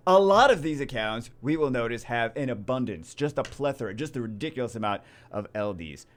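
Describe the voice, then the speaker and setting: A man giving casual game commentary as a YouTuber, rambling and excitable with many restarts. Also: mid-range voice. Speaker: gaming YouTuber.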